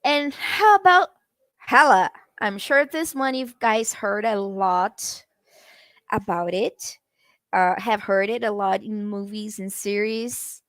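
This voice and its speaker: Slow, chatty woman teaching English. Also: medium pitch, a bit bright, dry recording. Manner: chatty, addresses viewers in the comments. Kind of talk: live-streamed language lesson.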